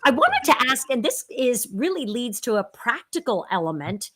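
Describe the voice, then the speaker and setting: A woman's voice: on the high side, very animated, normal speed, fairly bright tone, slightly rough. Affirming woman interviewer. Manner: engaged, affirming, asks questions. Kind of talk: interview conversation.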